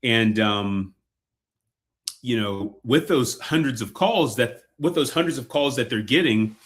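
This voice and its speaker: A man's voice: mid-range voice, expressive, a little slow, fairly bright tone. A man presenting a casual sales webinar, chatty and loose, with many fillers and repeated words.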